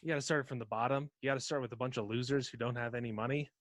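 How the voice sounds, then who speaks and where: A man's voice: medium pitch, fairly even intonation, racing, fairly bright tone, no room sound. A man co-hosting a comedy podcast in casual, rambling, profane chat. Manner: laid-back, profane, rambling. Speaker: podcast co-host.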